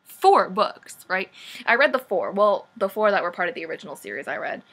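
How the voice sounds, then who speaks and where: Sarcastic young woman vlogger, bright voice. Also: medium pitch, fairly quick, breathy edge. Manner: sarcastic, says "like" often, animated. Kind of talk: casual book recap.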